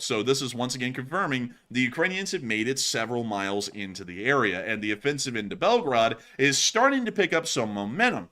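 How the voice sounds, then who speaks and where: A man's voice: mid-range voice, sharp tone. A man hosting a war news show, casually talking through frontline updates and pointing at a map, with the odd stumble. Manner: conversational analysis with occasional stumbles.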